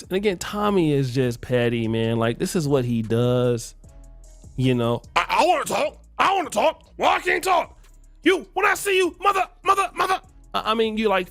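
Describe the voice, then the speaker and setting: A man's voice: medium pitch, no echo. A man hosting a livestream, mocking and taunting his target with laughter. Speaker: streamer host. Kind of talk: mocking commentary.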